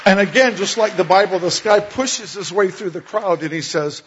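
A man preaching, telling miracle stories in an animated storytelling way that grows loud on quoted lines. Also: high-pitched, normal speed, hardly any pauses, husky. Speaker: pastor. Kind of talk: sermon storytelling. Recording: dull lo-fi sound.

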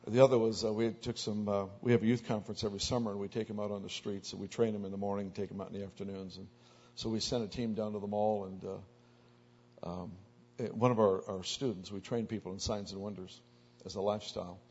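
A man preaching as a pastor, telling anecdotal stories in a sermon and growing louder and more excited as they build. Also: lowish voice, fast, breathy edge. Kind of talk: sermon storytelling. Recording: dull lo-fi recording.

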